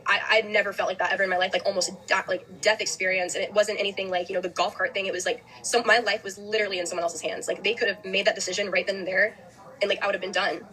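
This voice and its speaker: A young woman recounts a story at a quick clip, her voice sitting in a middle range. She fills her sentences with "like" and restarts often. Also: medium pitch, level tone, pushed and bright, rough recording. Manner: fast, heavy use of "like", restarts. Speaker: host. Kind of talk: emotional storytelling on a podcast.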